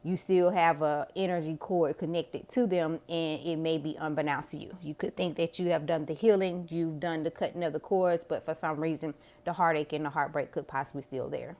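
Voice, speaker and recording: A woman's voice: deep voice, fairly even intonation, brisk, few pauses, darkish tone. A woman giving a casual tarot reading to camera, chatty, slangy and freely profane. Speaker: tarot reader.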